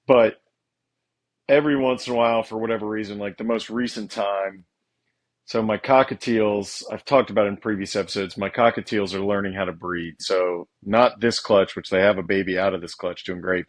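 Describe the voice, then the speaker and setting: A man, co-hosting a podcast in a frank, matter-of-fact casual way. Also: on the low side. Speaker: podcast co-host, bird breeder.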